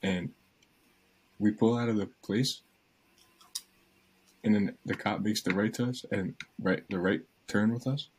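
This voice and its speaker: Teen male, low voice, husky, casual storytelling, acts out quotes. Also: unhurried, long pauses, low-quality recording.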